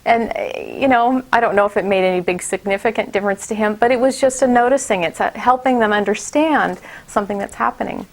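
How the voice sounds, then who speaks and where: A woman's voice: medium pitch, a little fast, few pauses. A middle-aged woman giving a casual workshop talk to teachers, chatty, with many fillers and restarts. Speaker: teacher trainer.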